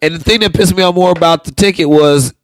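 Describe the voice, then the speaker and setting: A man's voice: fairly high pitch, fast talker, no echo. A man from Oakland telling profane comic stories in casual chat, laughing as he goes. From Oakland, California. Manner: animated, profane, laughs through his stories. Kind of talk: casual comedic storytelling.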